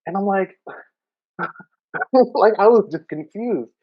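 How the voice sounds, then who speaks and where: A man co-hosting a podcast, telling a story in casual chat, animated and laughing as he acts out what people said. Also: high voice, slow pace, muffled recording. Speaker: podcast co-host.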